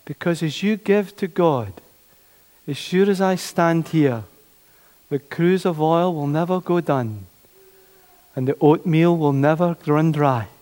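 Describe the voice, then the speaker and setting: A man preaching a sermon, animated, repeating his phrases and acting out the voices of doubters. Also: a little high, slow pace. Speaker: pastor. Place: church. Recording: long church reverb.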